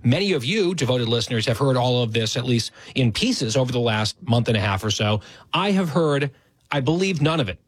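A man's voice: mid-range voice, animated, brisk, husky, no echo. A man hosting a talk radio show, chatty and self-deprecating, thanking his fill-in hosts. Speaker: radio host.

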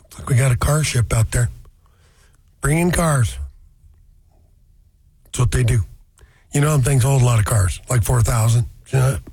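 A man's voice: medium pitch, normal speed, gravelly, pauses often, a little mellow, slightly rough, no echo. A man hosting a car radio show, rambling through folksy asides in a casual chat.

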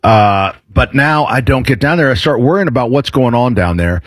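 A man's voice: mid-range voice, animated, moderate pace, no echo. A man hosting a radio show, reading an ad in a joking, rambling way. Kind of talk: casual radio chat and live-read ad.

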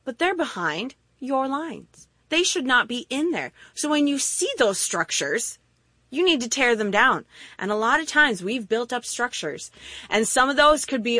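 A woman's voice: on the high side, measured pace, dry recording. A woman preaching a sermon, telling stories and acting out little voices as she goes. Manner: animated storytelling with acted-out voices.

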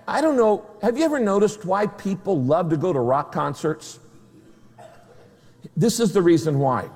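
A man preaching with a high, lively voice that leaps up and down, pressing his points through rhetorical questions and dry humor. His voice rings out with a long reverb in a large hall. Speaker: pastor. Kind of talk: sermon.

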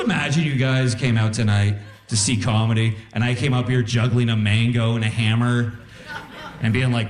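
A man's voice: medium pitch, moderate pace, faint music behind. A man doing a stand-up comedy set on a live stage, telling personal stories. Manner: storytelling with animated voices for quotes.

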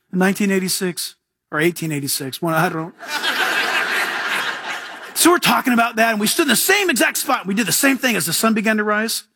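A man preaching a sermon as pastor, telling stories with jokes and chuckles and mimicking other people in lively asides. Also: sits high, slightly rough, dry recording, clean studio sound.

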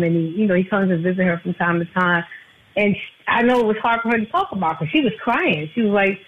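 Husky woman on a tinny phone line. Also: medium pitch, quick pace. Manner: earnest, repeats her phone number. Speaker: insurance agent guest. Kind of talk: casual radio talk.

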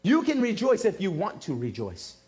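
A male pastor preaching a sermon, telling a story with lively acted-out quotes. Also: high voice, moderate pace, husky. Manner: animated storytelling, acting out quotes. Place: church in Massachusetts.

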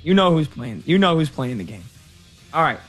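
A man hosting sports talk radio with a somewhat high voice, chatty and self-deprecating. He jokes easily with his crew. Faint music plays under him. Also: big pitch swings, normal speed, a bit bright.

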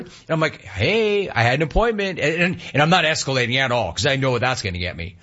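A man hosting a radio show, telling an exasperated story in a casual, animated way and acting out what people said. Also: medium pitch, brisk, few pauses, highs cut off. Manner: animated, exasperated retelling with quoted voices.

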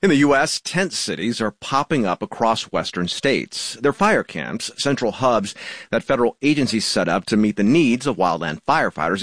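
A male news anchor reading a scripted introduction with animated delivery. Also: medium pitch, dry recording.

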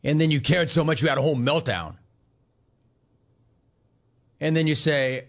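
A man's voice: a little high, moderate pace, long pauses. A man hosting sports talk, ranting sarcastically and mocking the people he talks about. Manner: sarcastic, mocking, swings between shouting and mimicry. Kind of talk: sports talk radio rant.

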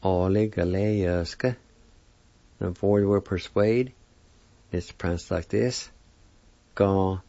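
A man's voice: fairly low pitch, takes it slowly, creaky, warm tone, no room sound. A man giving a recorded language lesson, spelling words out letter by letter and sounding them out one syllable at a time. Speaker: language teacher. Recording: dull lo-fi recording.

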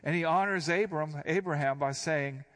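An older man, a pastor, giving a conversational Bible teaching, reading verses aloud and then explaining them in a relaxed way. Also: a little high, moderate pace. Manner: relaxed and explanatory, reads scripture then unpacks it.

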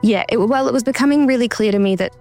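A woman giving earnest, measured interview answers about a hard personal experience. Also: a little high, darkish tone, soft background music. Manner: earnest, measured, acts out quoted voices. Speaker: interview guest, survivor telling her story.

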